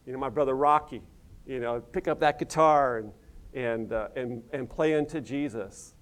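A man's voice: mid-range voice, normal speed. A middle-aged American man, a pastor, preaching a sermon in a conversational, folksy way full of asides. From United States. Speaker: pastor and missions director.

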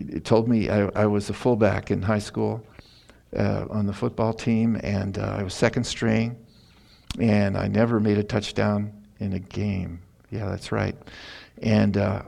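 Male pastor, middle-aged, gravelly, lowish voice, folksy sermon, emotional. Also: mellow. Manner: folksy, emotional, laughs through personal stories.

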